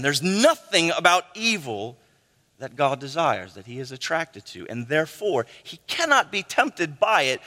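Animated high-voiced preacher in a reverberant hall. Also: male voice. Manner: animated preaching, frequent "right?" asides, acts out quoted voices. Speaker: pastor. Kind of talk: sermon.

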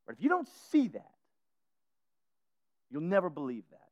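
A man preaching a sermon in a casual, animated way, full of slang and repetitions. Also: sits high, moderate pace, no echo, muffled recording.

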